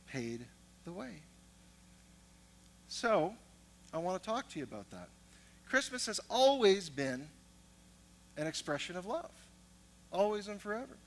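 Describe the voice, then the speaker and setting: A man's voice: a little high, a bit bright, low-quality recording. A man preaching a sermon as pastor, moving from storytelling to emphatic teaching.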